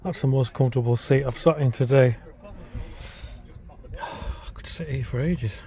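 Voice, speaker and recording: A man's voice: mid-range voice, a little slow, vocal fry, background noise. A man hosting his own vlog, chatting casually to camera and musing aloud as he looks round cars at a show. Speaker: vlog host. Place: busy electric car show. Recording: busy show crowd behind.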